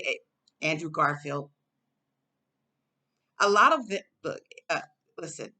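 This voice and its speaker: A woman's voice: sits low, sharp tone. A woman from the United States giving her casual commentary to camera in a conversational, musing way. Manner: conversational, musing, with fillers and laughs. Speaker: vlogger.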